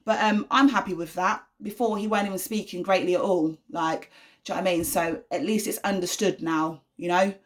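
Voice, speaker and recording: A young woman talks casually to her audience about her son. Her voice sits slightly low, and her speech wanders with ums, restarts and constant "do you know what I mean" asides. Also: steady tone, brisk. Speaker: vlogger, mother of an autistic son. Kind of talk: casual talk to camera.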